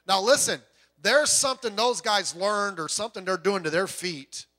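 A male pastor delivers a sermon with a high-pitched, bright and forceful voice. He talks conversationally, asks the congregation rhetorical questions and drops in joking asides. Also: normal speed.

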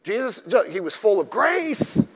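A man's voice: high-pitched, sing-song, a little slow, fairly bright tone. A male pastor preaching a sermon at a midweek service, blunt and emphatic with mocking asides. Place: church during a midweek service. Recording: echoey church hall.

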